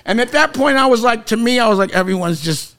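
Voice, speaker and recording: A man's voice: very high-pitched, quick pace, bright, forceful tone. A middle-aged man in a heated casual conversation, emphatic and argumentative, laughing as he tells stories. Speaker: record label executive guest.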